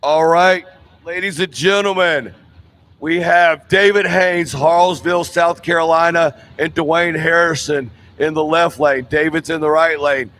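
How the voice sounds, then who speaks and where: A man calling drag races as announcer, brisk and excited, at an outdoor drag strip. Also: fairly high pitch. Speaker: race announcer. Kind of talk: drag race commentary.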